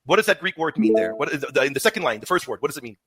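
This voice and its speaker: A man's voice: mid-range voice, expressive, very fast, fairly bright tone, breathy edge, soft background music. A man in a played clip, scoffing and incredulous, repeating his challenges in a heated debate. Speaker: show host in a played clip.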